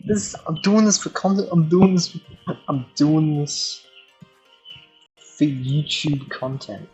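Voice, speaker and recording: A man chatting casually as a YouTuber, excitable, laughing often and swearing. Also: on the high side, slow, faint music behind, rough recording. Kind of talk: casual commentary on chatbot chats.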